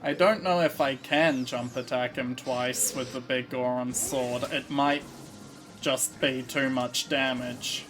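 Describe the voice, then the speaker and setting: A man's voice: mid-range voice, fairly even intonation, takes it slowly, music in the background. A man casually commentating his video game playthrough, musing through his moves with a slight frog in his throat. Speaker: let's play host.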